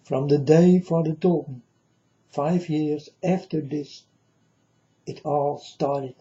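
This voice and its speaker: Slow, dark-voiced man in a lo-fi monologue. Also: on the high side, fairly even intonation. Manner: solemn, repetitive, keeps addressing "folks". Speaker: self-styled prophet. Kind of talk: rambling spoken monologue to viewers.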